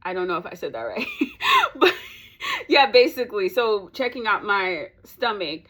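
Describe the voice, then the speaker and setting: A young woman vlogger telling a story in casual chat, animated and ranting, laughing between lines. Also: medium pitch, measured pace.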